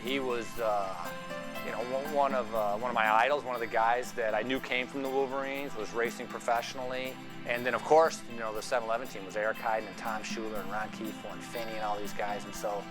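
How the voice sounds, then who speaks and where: A man's voice: medium pitch, steady tone, fairly quick. Man fondly reminiscing, faint music. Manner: fond, reminiscing, frequent restarts. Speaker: former cyclist interviewee. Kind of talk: documentary interview.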